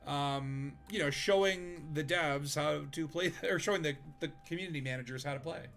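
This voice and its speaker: A man hosts a laid-back gaming stream, rambling in loose sentences packed with "like" and "you know" while narrating his own gameplay. His voice is a little high, with vocal fry, at a normal speed. Faint music plays in the background.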